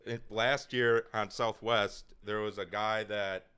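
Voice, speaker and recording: A man's voice: on the low side, fairly even intonation, takes it slowly, bright, forceful tone, clear, resonant tone. A man co-hosting a podcast, telling stories in casual chat, rambling and hesitant with many fillers. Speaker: podcast co-host.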